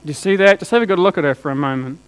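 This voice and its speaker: A man preaching a sermon, telling a deeply personal story with rhetorical questions that draw the listeners in. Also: rapid-fire, smooth, poor audio.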